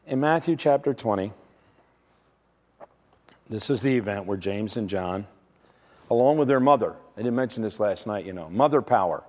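A man preaching a sermon, emphatic and dramatic, swinging from loud declarations to hushed, slow words. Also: on the low side, animated. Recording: long hall reverb.

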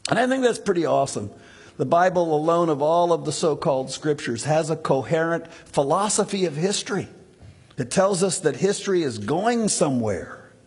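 A man's voice: fairly high pitch, expressive, moderate pace, breathy edge, long reverb tail. A man preaching a sermon as a pastor, conversational and emphatic, acting out quoted lines.

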